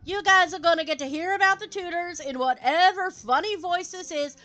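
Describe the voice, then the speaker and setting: A woman's voice: very high voice, fairly quick, pushed and bright. A woman streaming a game live and chatting with her viewers in a rambling, playful way, slipping into silly voices.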